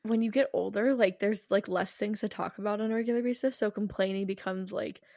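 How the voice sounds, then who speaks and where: A young woman co-hosting a podcast in casual chat, thoughtful and halting, full of fillers. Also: mid-range voice, steady tone, creaky, a little mellow, no echo, clean studio sound. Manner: thoughtful, halting, many likes. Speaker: podcast co-host.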